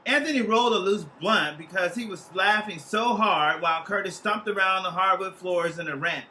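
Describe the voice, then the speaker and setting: Bright-voiced man reading a comic story. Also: high voice, moderate pace, a little hiss or hum, poor audio. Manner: lively, playful, profane storytelling. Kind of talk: humorous literary reading.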